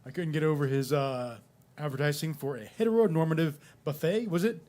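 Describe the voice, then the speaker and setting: Open mic host guy, higher voice, loose off-the-cuff banter between acts. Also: fairly quick, a little mellow. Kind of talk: introducing acts. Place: coffee shop open mic stage.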